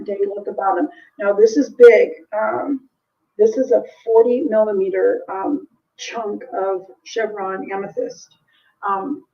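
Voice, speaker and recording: A woman's voice: mid-range voice, a little mellow, distant mic, highs cut off. A woman hosting a live jewelry sale, chatting casually with viewers, full of ums and little laughs, from the United States. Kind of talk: casual live-stream selling chat.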